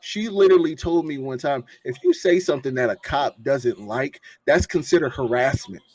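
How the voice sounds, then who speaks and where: A man's voice: mid-range voice, lively intonation, moderate pace, a little mellow, no room sound. A man in his forties chatting casually and emphatically, repeating points. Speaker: podcast co-host, parent. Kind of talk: casual chat.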